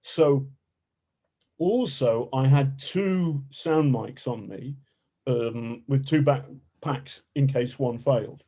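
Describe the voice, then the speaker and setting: Man, journalist guest, mellow voice, animated storyteller, salty language. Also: medium pitch, slow. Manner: animated, colorful, swears freely. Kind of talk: casual storytelling interview.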